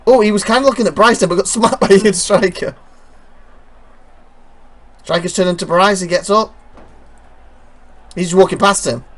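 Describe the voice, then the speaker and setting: A host giving playful, excitable play-by-play commentary on a wrestling video game show. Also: medium pitch, normal speed, pauses often. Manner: excitable, exclaims often.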